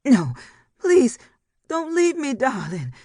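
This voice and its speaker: A narrator voicing a panicked elderly grandmother, pleading and shouting in a frantic, strained voice for a storybook reading. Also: high voice, huge pitch swings, slow pace, no room sound, studio quality, pitched above the performer's own voice, exaggerated voice. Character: panicked elderly grandmother begging her collapsed husband.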